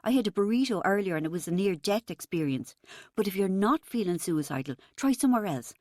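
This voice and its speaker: A woman's voice: medium pitch, animated, fairly quick, darkish tone, dry recording, clean studio sound, natural voice. A woman reading an audiobook, voicing a brash, sarcastic young waitress with a blunt, bossy manner. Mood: sardonic. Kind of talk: audiobook character voice.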